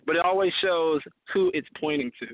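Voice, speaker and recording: A man's voice: fairly high pitch, brisk, no echo. A man speaking as a Christian apologist guest on a call-in show, emphatic and preacherly. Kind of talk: call-in talk show debate. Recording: tinny phone-line call-in audio.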